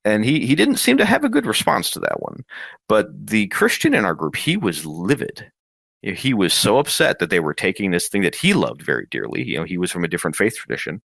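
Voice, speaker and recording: Here is a man with a low voice telling a story in a casual, lively way. His pitch rises and falls a lot as he brings his memories to life. The recording is dry and close. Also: fairly quick, vocal fry, no room sound. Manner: lively, animated retelling with acted quotes. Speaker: interview guest.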